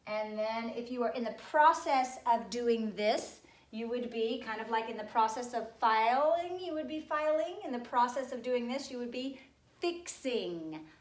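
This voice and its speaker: A woman's voice: fairly high pitch, moderate pace, echoey room. A woman teaching second graders a spelling lesson, patiently sounding out and spelling words letter by letter. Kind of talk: spelling lesson for young children.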